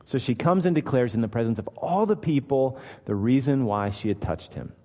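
A man's voice: mid-range voice, animated, brisk, dark tone. A man preaching a sermon as pastor, emphatic and posing rhetorical questions to his listeners. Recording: long hall reverb.

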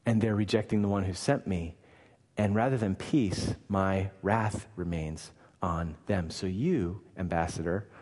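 Man preaching in a reverberant hall. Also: fairly low pitch. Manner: earnest preaching that swells louder and slower on key lines. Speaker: pastor. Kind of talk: sermon.

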